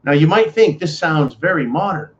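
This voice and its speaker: Indignant man ranting, slightly high voice. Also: lively intonation, moderate pace, slight background noise. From United States. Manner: indignant, sarcastic, keeps calling listeners folks. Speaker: political commentary host. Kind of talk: ranting commentary monologue. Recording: dull lo-fi audio.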